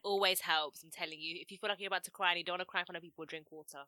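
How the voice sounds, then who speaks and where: A woman's voice: fairly low pitch, fairly even intonation, racing, sharp tone, no room sound. A young woman co-hosting a podcast in casual chat, talking loosely with lots of fillers. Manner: chatty, leans on "like". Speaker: podcast co-host.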